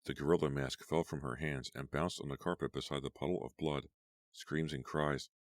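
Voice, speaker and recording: A man narrating a horror audiobook in a measured, suspenseful reading. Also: rumbling low, fairly even intonation, no echo, clean studio sound. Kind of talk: scripted narration.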